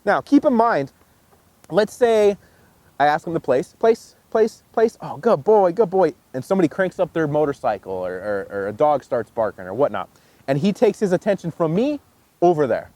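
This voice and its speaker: A man teaching dog training, explaining casually and jumping into a high excited voice when he demonstrates praise. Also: normal speed, no room sound. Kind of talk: instructional demonstration.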